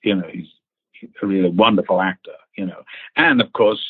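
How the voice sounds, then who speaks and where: A man, an actor, telling a casual anecdote in an animated way, acting out quotes, laughing and swearing freely. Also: deep voice, fairly quick, breathy edge, dry recording. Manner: animated storyteller who acts out quotes and laughs. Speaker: actor recounting a film casting. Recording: tinny phone-like line.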